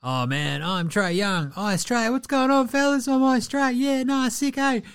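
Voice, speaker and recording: A man putting on a mocking impression of a young male basketball star, in a high, goofy voice with lazy slang. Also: moderate pace, fairly bright tone, clear, resonant tone, no room sound, clean studio sound.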